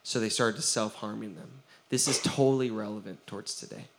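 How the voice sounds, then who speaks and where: A man, a pastor giving a lively sermon, acting out the quotes he tells and laughing often. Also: fairly low pitch, a little fast, a crowd in the background.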